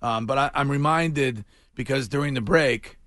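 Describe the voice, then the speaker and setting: A man's voice: medium pitch, moderate pace, a bit bright, dry recording. Guy hosting morning radio, jokey rambling chat, dry close studio mic. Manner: chatty, jokey, trailing fillers and restarts. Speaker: radio morning show host. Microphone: studio microphone.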